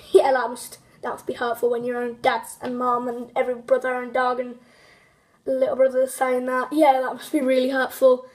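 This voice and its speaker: A woman's voice: high-pitched, completely flat delivery, normal speed. A woman hosting a casual, unscripted countdown video, rambling with many fillers, restarts and small giggles. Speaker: video host.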